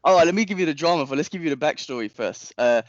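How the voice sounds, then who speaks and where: A young man, a podcast co-host telling a long story in casual chat, animated and rambling, with frequent restarts and slang. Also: on the high side, fast talker, dry recording, highs cut off.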